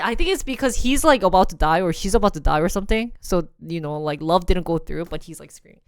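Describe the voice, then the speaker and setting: Young woman, lively livestream chat, smooth clear voice, dry close sound, bouncy delivery. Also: lowish voice, quick pace, few pauses, no room sound. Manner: animated, laughs often, acts out scenes in voices. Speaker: live streamer.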